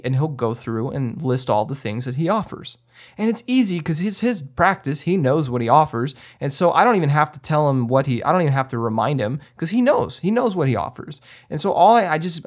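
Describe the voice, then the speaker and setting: Male podcast host, relaxed instructional chatter at an average pitch. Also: brisk. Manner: conversational, many fillers and restarts, acts out his own directions. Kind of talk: casual instructional talk.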